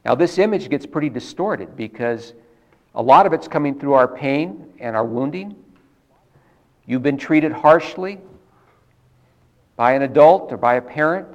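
A man's voice: fairly high pitch, lively intonation. Earnest man preaching a sermon. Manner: earnest, measured teaching with emphatic repetition.

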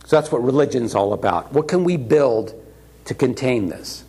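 Husky-voiced man preaching conversationally. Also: medium pitch, lively intonation, normal speed, mellow. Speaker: pastor. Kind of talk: sermon.

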